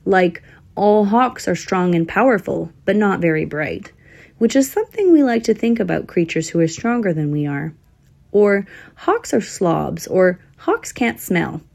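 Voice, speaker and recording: A woman voicing a clever but flustered male squirrel in a storybook reading, talking to himself in anxious, thinking-aloud bursts that turn squeaky when he is frightened. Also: sing-song, unhurried, creaky, a little mellow, full character voice. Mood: musing. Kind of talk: storybook character voice.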